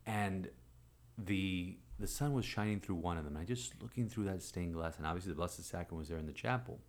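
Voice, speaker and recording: A priest in his forties with a fairly low voice tells a personal story, animated and acting out the people he quotes. He rises sharply in pitch and volume when he plays other speakers. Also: a little fast. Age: 40s. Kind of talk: storytelling in conversation.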